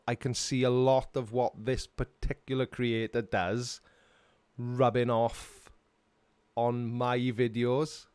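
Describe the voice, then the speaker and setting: A middle-aged man with a Welsh accent hosts a casual live-stream Q&A, reading viewer comments aloud and answering them in a chatty, self-mocking way. His voice sits at an ordinary middle pitch. The sound is dry and close, with no room echo. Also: smooth. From Wales.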